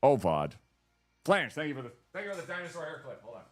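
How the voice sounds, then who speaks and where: A man hosting a live stream, chatting casually and rambling excitedly as he greets and thanks viewers. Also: fairly high pitch, quick pace, soft background music. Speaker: streamer host.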